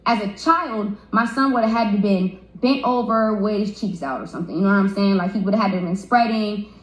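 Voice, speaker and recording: A woman's voice: mid-range voice, a little fast. A young woman telling a story on a livestream, stumbling and repeating words as she gets upset. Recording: roomy echo.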